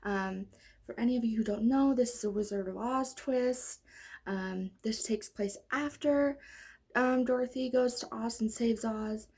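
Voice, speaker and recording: A young woman with a mellow, mid-range voice chats casually about books she loves, sounding out of breath. She's a book vlogger rambling through a relaxed review, full of fillers and restarts.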